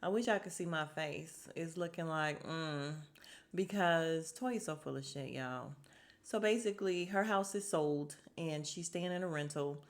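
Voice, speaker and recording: Woman, podcast host, casual recap chat, slightly low voice, animated, acts out quotes, whispers at sad moments. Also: unhurried. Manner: chatty and animated, acting out what people said.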